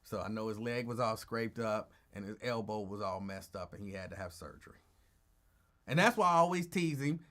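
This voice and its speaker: A male radio talk host spins a story in a casual, teasing voice, with a pitch that swings widely up and down. He dramatizes the moments and lingers on them for effect. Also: fairly quick. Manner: animated, teasing, acts out quotes.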